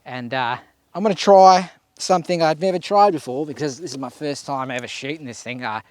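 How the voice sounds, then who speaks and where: Excitable swearing Australian man. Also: a little high, fairly quick. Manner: excitable, swears constantly, hypes himself up. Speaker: host. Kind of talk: casual shooting vlog. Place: outdoor shooting range.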